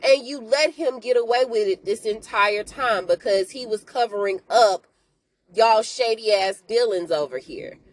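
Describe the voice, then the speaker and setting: A woman hosting a podcast, recapping a TV series in a casual, animated, slangy way, often speaking to listeners as y'all. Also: a little high, a little slow. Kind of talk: casual chat.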